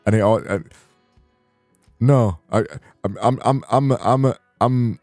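A man's voice: medium pitch, slow, a little mellow, no echo, soft background music, close to an everyday voice. A silly, always-hungry Yorkshireman, as a man puts on the accent, rambles through a homemade cookbook advert in a broad Yorkshire voice. He trips over his words and wanders off track, with a dry, close sound. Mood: goofy pitching. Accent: Yorkshire (put on). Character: self-described big hungry Yorkshireman cookbook author.

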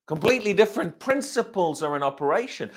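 This pastor's voice is high-pitched and fast, with lively intonation. In his sermon he asks the congregation rhetorical questions, circles back over his words, restarts lines, and lengthens key words to stress them.

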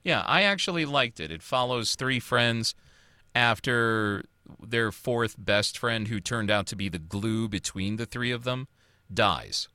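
A man's voice: medium pitch, unhurried, pushed and bright, no room sound, studio quality. A man hosting a casual chat show, ranting about what to watch in a loose, profane way. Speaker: podcast host.

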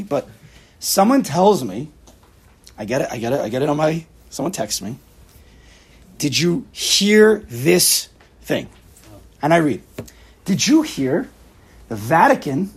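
A man teaching a Torah class to a small group, his voice a little high with a gravelly, husky texture. He poses rhetorical questions and drops Hebrew and Yiddish words into his English. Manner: animated, rhetorical, sprinkles Hebrew and Yiddish terms.

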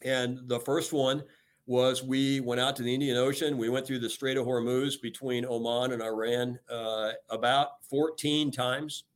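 A retired American admiral, an older man, being interviewed in a relaxed, emphatic way, often using "you know" as he speaks. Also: mid-range voice, unhurried. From United States. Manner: energetic, emphatic, many "you know" fillers. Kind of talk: podcast interview. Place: talking remotely from home or office.

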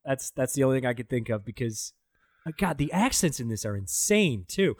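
A man's voice: medium pitch, very animated, brisk, darkish tone, no room sound, clean studio sound. A man in casual podcast chat, reviewing a bad movie with profane, sarcastic jokes. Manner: profane, sarcastic, mocking impressions.

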